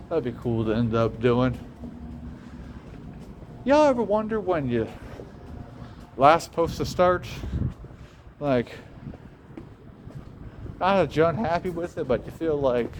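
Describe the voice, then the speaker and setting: A man's voice: medium pitch, a little mellow. A young man with a Southern accent, rambling and reflective as he walks down a city street, talking to a phone, swearing casually. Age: young adult. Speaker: vlogger. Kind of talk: casual walking vlog monologue. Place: outdoors on city streets, passing traffic. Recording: faint street and traffic noise.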